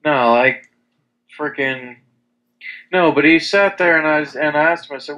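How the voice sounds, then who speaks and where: A man's voice: a little high, normal speed, pushed and bright, highs cut off. A young man in casual chat, telling rambling stories with lots of restarts and crude language. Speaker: podcast co-host.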